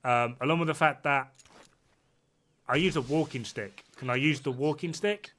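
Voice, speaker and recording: A man's voice: on the high side, normal speed, a bit bright. A man in his thirties in casual gaming chat, blunt, sweary and rambling. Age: 30s. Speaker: player.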